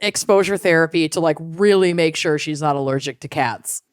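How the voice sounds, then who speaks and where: A woman's voice: low voice, moderate pace, clean tone, no room sound, studio quality. A woman co-hosting a podcast in casual chat. She swears freely and laughs often. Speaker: podcast co-host.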